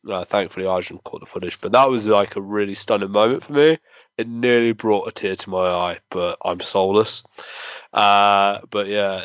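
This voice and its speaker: A man's voice: fairly low pitch, fairly bright tone, no room sound. A man telling a rambling, self-deprecating story in a casual chat. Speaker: podcast co-host.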